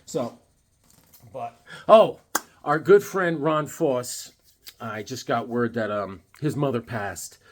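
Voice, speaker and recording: A man's voice: medium pitch, slow, pauses often, a little hiss or hum. A man in his fifties talking casually about comic books, rambling and joking with lots of filler words. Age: 50s. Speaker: comic book vlogger. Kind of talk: casual comic review vlog.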